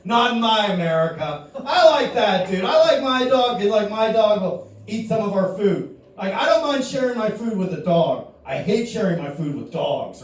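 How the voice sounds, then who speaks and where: A man, a comic, ranting crude and profane in a stand-up debate, often shouting. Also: sits high. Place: comedy club stage. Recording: very echoey room from far off.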